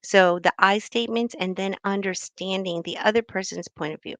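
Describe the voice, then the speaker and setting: A woman's voice: medium pitch, steady tone, moderate pace, fairly bright tone, no room sound. A middle-aged woman and doctor giving a conversational talk on speaking up, often acting out the example phrases she teaches. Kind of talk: talk on assertive communication.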